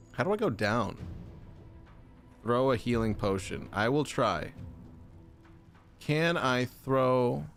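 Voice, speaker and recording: A young man giving casual, jokey commentary while streaming a game, mock-angry and full of silly made-up words. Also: medium pitch.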